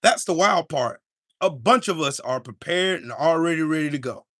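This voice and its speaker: Man, podcast host, angry profane rant, forceful tense voice, dry close sound. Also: fairly high pitch, animated, normal speed, dry recording. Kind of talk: live-streamed rant.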